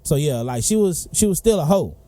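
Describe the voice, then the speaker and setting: A man's voice: fairly high pitch, very animated, fairly quick, mellow, dry recording. A man co-hosting a podcast, chatting loosely with frequent restarts and laughter. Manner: loose, repetitive, laughs often. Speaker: podcast co-host. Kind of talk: casual chat.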